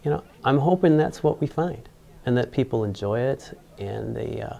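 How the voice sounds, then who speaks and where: A man's voice: medium pitch, animated, moderate pace, gravelly, warm tone, muffled recording. A man being interviewed, telling a personal story in a rambling way with many fillers and restarts. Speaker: engineer interviewed about mascot costuming.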